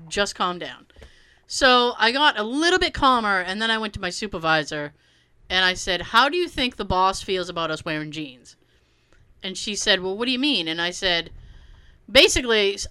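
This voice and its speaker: A woman in her thirties hosting a casual chat, animated and profane, laughing often. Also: medium pitch, moderate pace, clear, resonant tone. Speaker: podcast host.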